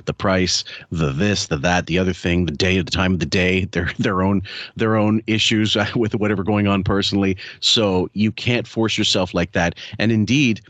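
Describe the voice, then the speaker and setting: A man's voice: sits low, steady tone, normal speed, fairly bright tone, no echo. A man co-hosting a podcast who talks casually, like a sales coach giving advice. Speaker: podcast co-host. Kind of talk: casual chat.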